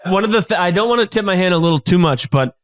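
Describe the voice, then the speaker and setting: A man with a fairly high voice chats as a guest on a comedy podcast. He rambles and interrupts himself, and the sound is dry and close with almost no room. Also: expressive, quick pace, dry recording. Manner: rambling, self-interrupting, with lots of restarts. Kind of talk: casual comedy podcast chat.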